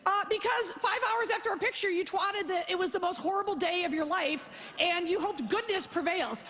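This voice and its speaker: Brash high-voiced woman doing stand-up. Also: a bit bright, a little hiss or hum. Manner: brash, profane, rapid storytelling with mock-quoted dialogue. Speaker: stand-up comedian. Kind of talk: stand-up comedy set. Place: theater stage before a live audience. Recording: live concert recording with hall reverb.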